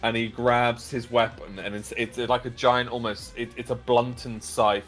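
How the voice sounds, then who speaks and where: A man's voice: mid-range voice, level tone, a little slow, fairly bright tone, soft background music. A man narrating a tabletop game as game master, describing scenes at length with many fillers and "like"s.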